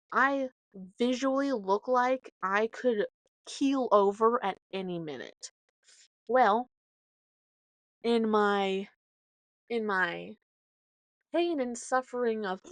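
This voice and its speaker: A podcast host with a slightly high voice tells a loose, rambling story with asides and self-corrections, heard with no room sound. She dramatizes quoted dialogue as she goes.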